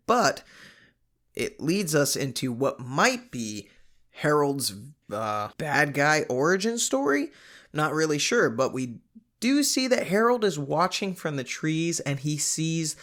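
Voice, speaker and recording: A man hosting a podcast, recapping a novel in a casual, conversational way with frequent fillers and animated asides. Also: a little high. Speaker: podcast host.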